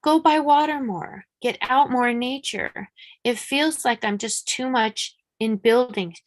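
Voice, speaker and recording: A woman's voice: a little high, measured pace. A woman psychic medium doing a live-streamed reading, talking frankly and chattily, swearing casually, and repeating points with urgent emphasis.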